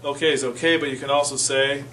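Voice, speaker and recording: A man's voice: medium pitch, level tone, quick pace, sharp tone. Casual man teaching a class, distant mic. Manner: casual, self-correcting, repeats phrases for the class. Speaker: church Spanish class teacher. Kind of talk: informal classroom lesson. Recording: distant mic with faint room noise.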